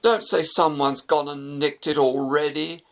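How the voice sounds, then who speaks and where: A man's voice: a little high, fairly even intonation, measured pace, vocal fry. A man voicing a panicky young man who has lost his car, talking in a frantic, whiny way.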